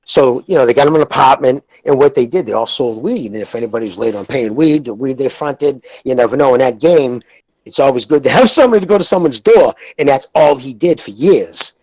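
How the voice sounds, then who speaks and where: A man, hosting a podcast and telling rambling, profane stories in a casual, animated way. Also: medium pitch, fairly quick, no echo, rough recording. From Lowell, Massachusetts. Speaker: podcast host. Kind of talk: casual chat, storytelling.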